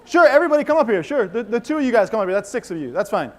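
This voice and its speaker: A man's voice: sits high, very fast. A man performing as a mentalist on stage, giving an audience playful, commanding instructions in a large conference hall. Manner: energetic, commanding, playful crowd work. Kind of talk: live stage show with audience participation.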